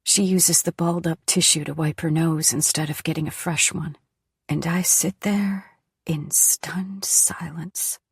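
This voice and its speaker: A woman narrating a first-person audiobook in a hushed, often whispery voice. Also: low voice, steady tone, measured pace, vocal fry, husky, no echo, clean studio sound.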